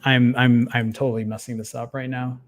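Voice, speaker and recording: In a mid-range, level voice that runs a little fast, this man chats through a casual tech livestream. He mutters and swears under his breath while fumbling with photos, breaking off his own sentences and apologizing as he rambles.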